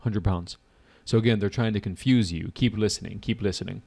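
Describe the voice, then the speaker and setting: A man's voice: on the low side, brisk, creaky, breathy edge. A man teaching an online test-prep class, acting out confused test takers. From United States. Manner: animated, acts out test takers' reactions.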